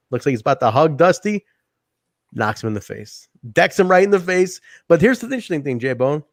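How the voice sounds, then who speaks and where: Man, podcast co-host, casual wrestling chat, animated, laughing, fairly high pitch, dry recording. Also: fast talker, dry recording. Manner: animated, laughs often, acts out quotes. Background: live chat audience.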